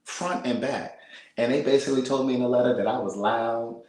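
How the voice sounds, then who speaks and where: An American man talking casually to live viewers from a small apartment, speaking softly and half-whispering, laughing and reading out comments. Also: medium pitch, fairly even intonation, quick pace, echoey room, rough recording. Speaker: vlogger on a livestream.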